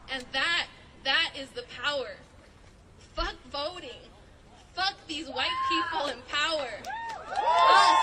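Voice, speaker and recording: A woman giving a fervent protest speech outdoors, rising to shouts. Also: high-pitched. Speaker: protest rally speaker. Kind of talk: impassioned rally speech. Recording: distant mic with crowd noise.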